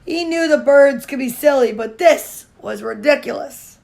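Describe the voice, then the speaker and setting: A woman's voice: sits high, a little slow, creaky, few pauses, a little mellow. A woman comedian reading a children's storybook aloud with gushing, playful asides.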